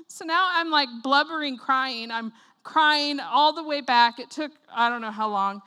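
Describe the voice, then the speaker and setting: Woman preacher, high and bright-voiced, lively storyteller in a sermon. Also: normal speed. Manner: animated storytelling, acts out voices, laughs often.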